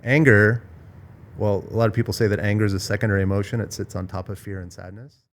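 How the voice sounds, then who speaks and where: A man's voice: fairly low pitch, fairly even intonation, quick pace. A man hosting a podcast, talking through ideas in a thoughtful, searching way with frequent restarts and repeated phrases. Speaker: podcast host. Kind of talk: casual reflective conversation. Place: villa in Bali.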